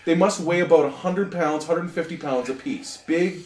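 A man's voice: on the high side, moderate pace, darkish tone. Laughing, profane man telling a story. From Ireland. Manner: profane, laughs often while telling stories. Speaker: podcast co-host. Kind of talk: casual storytelling chat. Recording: echoey room with laughing group.

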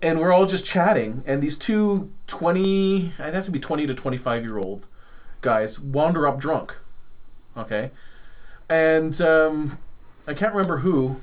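High-voiced guy rambling through a story, acting out the lines, sounds like it's over a phone. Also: measured pace, narrow, tinny audio. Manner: rambling anecdote, acts out quoted dialogue. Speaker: podcast host. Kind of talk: casual storytelling.

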